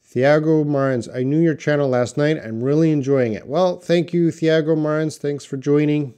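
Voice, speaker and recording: A middle-aged man hosting a live English lesson, reading chat comments aloud and modelling words slowly. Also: a little high, dark tone, clear, resonant tone.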